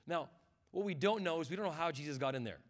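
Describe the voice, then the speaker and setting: Male guest pastor with a high voice, a fervent preaching style, and a conversational delivery. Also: expressive, quick pace. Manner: passionate preaching that builds to shouts; conversational, with repeated words and restarts. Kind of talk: sermon.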